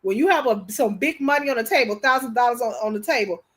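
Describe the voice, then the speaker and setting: A woman's voice: on the high side, lively intonation, fast. A middle-aged woman co-hosting a podcast, chatting casually and animatedly, with frequent restarts and "you know what I'm saying". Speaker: podcast co-host. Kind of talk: casual chat.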